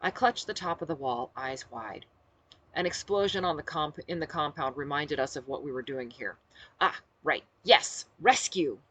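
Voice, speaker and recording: A woman author reading her own novel aloud with expressive, animated narration. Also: sits low, moderate pace, husky.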